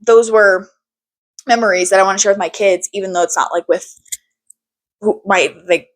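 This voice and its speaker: A young woman hosting a podcast, talking in a candid, animated way, swearing freely and using lots of fillers. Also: medium pitch, moderate pace. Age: young adult. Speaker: podcast host. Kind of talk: casual chat.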